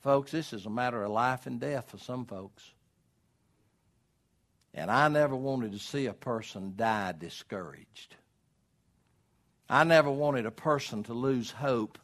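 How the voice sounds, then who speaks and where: A man preaching a sermon as pastor, swinging from loud calls to quiet storytelling. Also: medium pitch, measured pace, pauses often. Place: church.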